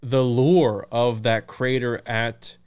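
A man hosting a casual podcast chat, excitable and laughing, reading aloud from notes. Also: medium pitch, slow, clean tone. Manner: excited, laughing, says "bro" and "dude". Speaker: podcast host.

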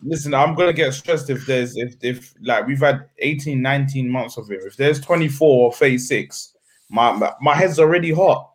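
A man in a casual football chat, animated and full of slang. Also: medium pitch, normal speed. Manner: animated, slang-heavy, repeats bruv.

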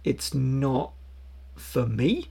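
A man co-hosting a podcast, chatting casually about films in a halting way, repeating words as he goes. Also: mid-range voice, sing-song, gravelly, warm tone, breathy edge. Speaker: podcast co-host. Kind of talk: casual film chat.

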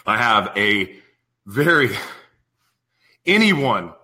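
A man in his thirties hosting a live radio show, opening with a rambling, self-deprecating, excitable monologue. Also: fairly low pitch, drawn-out words. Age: 30s. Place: studio in San Diego.

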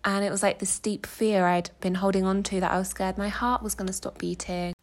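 Young english woman vlogging, gravelly voice, chatty and emotional, lots of "like". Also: mid-range voice, flat delivery, fairly quick. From England. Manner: chatty, emotional, says "like" a lot. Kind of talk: personal storytelling monologue.

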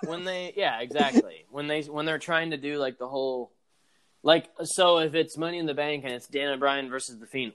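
A man's voice: a little high, fairly quick, a bit bright, clean tone. A man co-hosting a wrestling podcast in casual chat, blunt and cynical, swearing now and then. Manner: cynical, blunt, laughs along. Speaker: podcast co-host.

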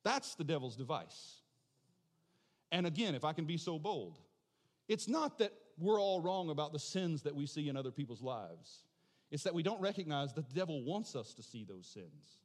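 Impassioned high-pitched male preacher. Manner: impassioned, builds to shouting then drops to soft prayer. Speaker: pastor. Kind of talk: sermon. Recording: long hall reverb.

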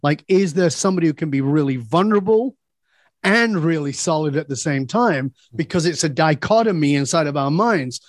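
A blunt, emphatic man speaks candidly as a podcast guest, swearing without hesitation as he makes his points. His voice sits a little high for a man, and the sound is dry and close. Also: expressive, normal speed, dry recording. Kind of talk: candid personal storytelling.

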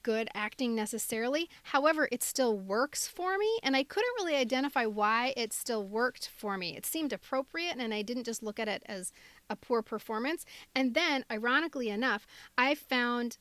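A woman's voice: fairly high pitch, lively intonation, moderate pace, fairly bright tone, no echo. A woman from Minnesota co-hosting a podcast, chatting casually and enthusiastically about a favorite movie. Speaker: podcast co-host. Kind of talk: casual chat.

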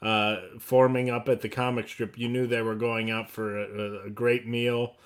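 Man, co-host, casual chat, rambling delivery, mid-range pitch. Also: little pitch movement, normal speed, clear, resonant tone. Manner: friendly, plugs a guest's show, rambling. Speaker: podcast co-host.

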